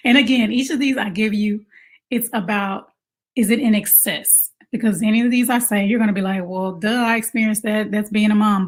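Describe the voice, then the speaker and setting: A woman coaching mothers in a casual advice talk, conversational and animated, asking rhetorical questions. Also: medium pitch. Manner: animated, acts out quoted moms in exaggerated voices. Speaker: self-care coach for mothers.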